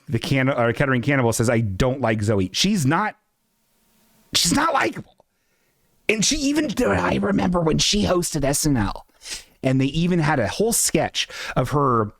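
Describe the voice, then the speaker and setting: A man hosting a casual livestream, talking in a rambling, profane, self-mocking way. His voice sits at an ordinary pitch and sounds close and dry. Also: no echo. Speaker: live show host.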